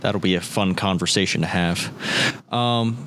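A man's voice: low-pitched, normal speed, fairly bright tone, a little hiss or hum. A man co-hosting a casual gaming podcast, joking around in playful banter. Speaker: podcast co-host.

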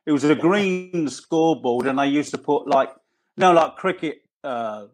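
A chatty man leads a relaxed catch-up, telling stories and poking fun at himself. He sits slightly high in pitch and speaks through a tablet on a video call. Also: measured pace. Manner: chatty, storytelling, self-deprecating. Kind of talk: casual reminiscing chat over a video call.

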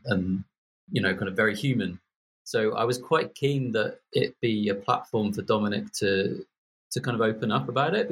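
A man's voice: on the low side, fairly bright tone, husky. A man in his forties from Birmingham, a podcast guest chatting casually with lots of fillers and restarts. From Birmingham, England. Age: 40s. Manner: rambling, many fillers and restarts.

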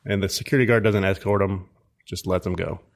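A man with a lowish voice talks through a movie plot in casual podcast chat. He wanders and backtracks, filling gaps with ums as he goes. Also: fairly even intonation, brisk, gravelly. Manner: meandering, many ums and restarts. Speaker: podcast co-host.

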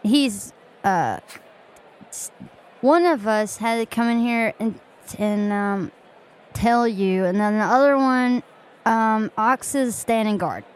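A squeaky, childish little dwarf princess, as a woman puts her on, eager and stammering as she talks in a tabletop game. The voice is small and high, and the words come slowly. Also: clean tone. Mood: nervous.

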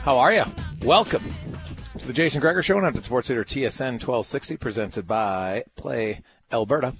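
A man's voice: mid-range voice, a bit bright. A man hosting a sports talk radio show, emphatic and ranting, firing off rhetorical questions.

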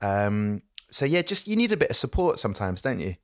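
A man's voice: medium pitch, fairly quick. A man in his thirties, a podcast guest, telling stories in casual chat and acting out conversations. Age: 30s. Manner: animated storyteller, acts out conversations.

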